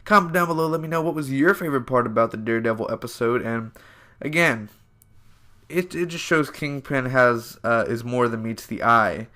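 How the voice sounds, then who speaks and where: A man's voice: medium pitch, moderate pace, pushed and bright. A man in his twenties giving a casual spoken review of a TV episode, loose and rambling with lots of fillers and self-corrections. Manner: enthusiastic, addresses viewers as "man" and "guys".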